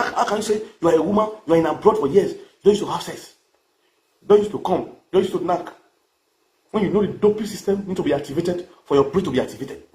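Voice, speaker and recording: A man's voice: a little high, a little mellow. A man with a Nigerian accent ranting to camera in a boastful, crude, mocking way, repeating his phrases. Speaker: vlogger.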